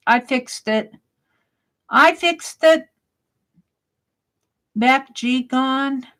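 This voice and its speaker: A woman's voice: a little high, fairly bright tone. A woman hosting a casual live stream, chatting and reading viewers' comments aloud, laughing often.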